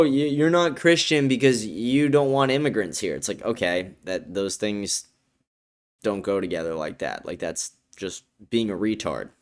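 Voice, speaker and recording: A young man hosts his political livestream in a heated, blunt rant, full of swearing and filler words. His voice sits a bit low and comes through smooth and resonant. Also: fairly bright tone. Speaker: livestream host. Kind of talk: ranting political commentary stream.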